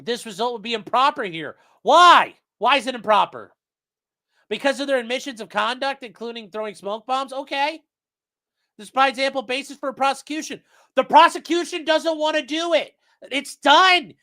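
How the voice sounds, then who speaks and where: A man hosting a legal commentary livestream, reading court orders aloud and breaking into profane, shouting tirades. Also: very high voice, moderate pace. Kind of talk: livestream rant.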